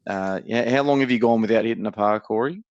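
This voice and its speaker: Australian male co-host, teasing storyteller, dry dull lo-fi sound, mid-pitched. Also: fast, no echo. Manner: animated teasing storyteller, swears freely. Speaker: podcast co-host. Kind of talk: casual banter, storytelling.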